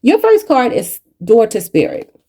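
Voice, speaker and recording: A woman's voice: fairly high pitch, wildly swooping pitch, a little slow, warm tone, breathy edge. A woman giving a channeled tarot reading, emotional and preachy, choked up and near tears, calling her viewers y'all. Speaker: tarot reader.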